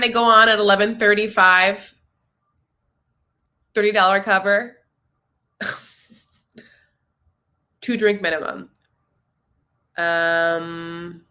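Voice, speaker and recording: A woman hosting a casual livestream recap of a reality show, animated and jokey, full of fillers and playful put-on voices, laughing at her own jokes. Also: fairly low pitch.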